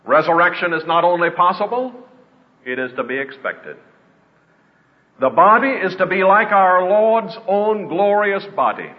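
A man preaching a sermon in an earnest way, slowing down to stress his points. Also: high-pitched, animated. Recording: dull lo-fi with long reverb.

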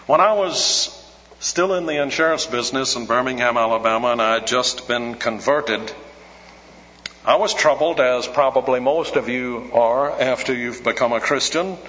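A man's voice: medium pitch, measured pace, a bit bright. A man preaching a sermon, earnest and teacherly, repeating his scripture text for emphasis. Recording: dull lo-fi recording in an echoey hall.

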